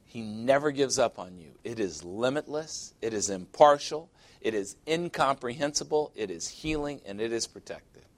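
A man's voice: medium pitch, lively intonation, normal speed, hardly any pauses. A man pastor preaching an emphatic sermon, reading scripture aloud, commenting on it and speaking directly to his congregation.

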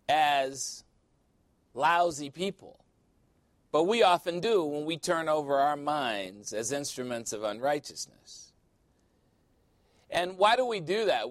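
An animated male pastor preaches with a slightly high voice, telling stories and slipping into playful quoted voices. The sound is dry and close, with little room around it. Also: no echo. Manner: animated storytelling, quotes people in voices, laughs often. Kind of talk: sermon.

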